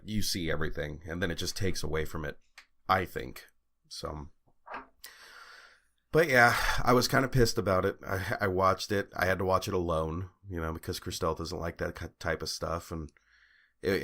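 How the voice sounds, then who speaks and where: A young man with a very low, deep voice talks casually as a podcast co-host. He rambles with plenty of fillers and restarts and laughs easily. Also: a bit bright. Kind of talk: casual chat.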